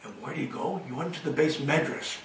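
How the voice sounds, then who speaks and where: A man telling a children's story in an expressive, dramatic way. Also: on the high side, brisk, roomy sound, recorded from a distance, rough recording.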